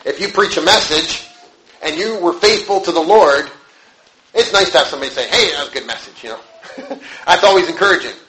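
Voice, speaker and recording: A man pastor preaching a sermon, telling a story in a conversational, halting way with rhetorical questions. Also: high-pitched, bright, forceful tone. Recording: echoey room, faint noise.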